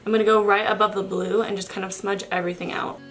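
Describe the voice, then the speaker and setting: A young woman narrates a makeup tutorial while she has a cold, her voice raspy and nasal. She talks in a chatty, easygoing way, often correcting herself and apologizing. Soft music plays faintly under her voice. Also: mid-range voice, level tone, fast talker. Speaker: makeup vlogger.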